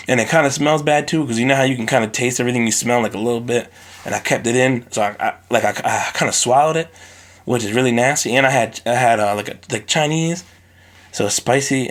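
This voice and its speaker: A man hosting a solo podcast into his phone, ranting in a lively, profane way. His medium-pitched voice jumps up when he gets worked up. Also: a little fast. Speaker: podcast host.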